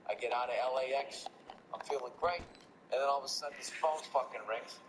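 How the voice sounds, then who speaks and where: A man hosting a podcast, telling a story in casual chat, profane and animated as he rants. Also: medium pitch, a little fast, noisy background. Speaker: podcast host.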